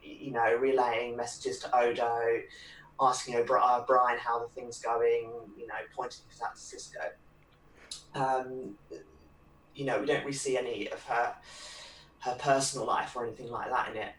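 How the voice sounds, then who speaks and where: A man's voice: medium pitch, little pitch movement, normal speed, a bit bright. A man in a casual discussion, talking in a rambling way with many fillers and plenty of enthusiasm. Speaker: panelist. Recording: roomy sound from a distant mic, faint noise.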